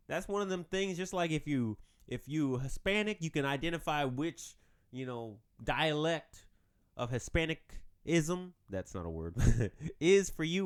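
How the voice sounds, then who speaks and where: A man hosting a podcast on his own, joking and rambling in casual chat. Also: on the high side. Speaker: podcast host.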